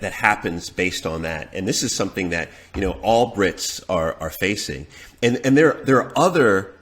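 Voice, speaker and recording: A man speaks as a podcast guest in a somewhat low voice. His talk is casual and halting, with words doubled and tripled as he works toward his point. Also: a bit bright. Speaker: podcast guest, dating expert.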